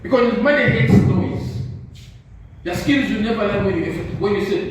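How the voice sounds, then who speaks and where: A man's voice: high-pitched, moderate pace. An older man giving a motivational talk to teachers, preachy and insistent, leaving sentences open for the audience to finish. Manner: call-and-response, leaves sentences open for the audience to finish with "what?". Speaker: motivational speaker. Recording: echoey hall from far off with faint noise.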